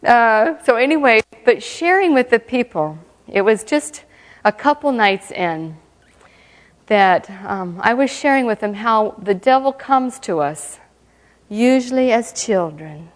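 A woman with a somewhat high voice tells her mission testimony in an animated, humorous way, laughing often as she goes. Her voice rings with the long reverb of a church hall. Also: measured pace. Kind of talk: lively testimony talk.

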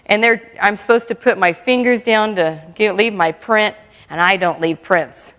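A woman giving a lively, humorous mission testimony at church, often breaking into laughter. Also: medium pitch, moderate pace, in a large hall.

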